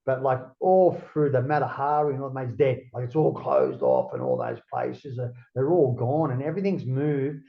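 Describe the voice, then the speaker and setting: A man's voice: mid-range voice, wildly swooping pitch, normal speed, hardly any pauses, lo-fi sound. An Australian man, a guest in a casual interview, rambling and swearing freely, with "mate" in nearly every line.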